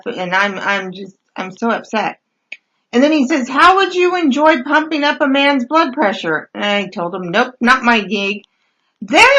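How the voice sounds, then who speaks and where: A woman telling funny stories in a casual, wry, deadpan way, full of hesitant fillers, as she reads out messages she got on a dating site. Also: fairly high pitch, lo-fi sound. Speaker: podcast host reading dating-site messages. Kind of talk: casual comedic storytelling.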